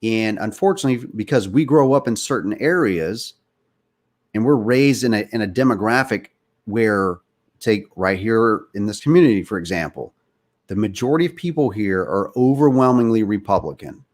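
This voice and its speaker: A man's voice: on the low side, animated, normal speed, a little mellow. A man hosting a podcast, with a slight Southern US accent, giving earnest, opinionated political talk and speaking straight to his listeners. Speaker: podcast host.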